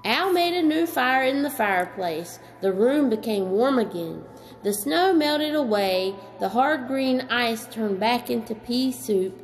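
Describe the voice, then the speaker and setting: A woman reading a children's story aloud as storyteller, gentle and slow, chatting to a child in between. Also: on the high side.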